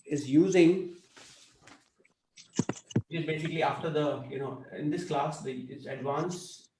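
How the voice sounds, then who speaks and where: A man's voice: on the high side, unhurried, darkish tone, roomy sound, slight background noise, rough recording. A man teaching a language class, explaining patiently and checking in with students often. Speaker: Hindi teacher.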